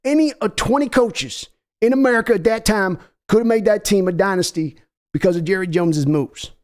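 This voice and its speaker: Putting on a Texan drawl for a comedy skit, a man mimics a brash older football team owner who is pushy and folksy, with a wheedling, bossy delivery. His voice sits high and close to everyday speech, moving a little fast.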